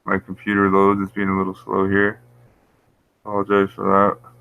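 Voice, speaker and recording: Heard through phone-quality, dry audio, this YouTube host has a low, gravelly yet smooth voice and speaks in a monotone at a moderate pace. On his casual livestream he rambles about conspiracies, reads chat, and often chuckles at his own ideas.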